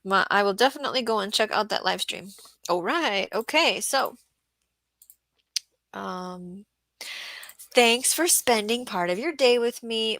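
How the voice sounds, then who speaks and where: A woman's voice: medium pitch, expressive, a little slow, pauses often, fairly bright tone, dry recording. A woman hosting a casual livestream about market gardening, chatting and reading viewer comments aloud.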